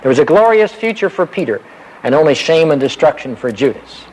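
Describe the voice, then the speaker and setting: A man's voice: fairly high pitch, very animated, fairly quick, darkish tone, low-quality recording. A man giving a conversational sermon, explaining Bible verses and asking his listeners rhetorical questions. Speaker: preacher.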